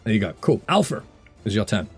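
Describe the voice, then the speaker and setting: A man's voice: on the low side, big pitch swings, fairly quick, a little mellow, husky, faint music behind. A man narrating as dungeon master over a voice call, describing the scene with many fillers and restarts. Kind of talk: narrating a tabletop game.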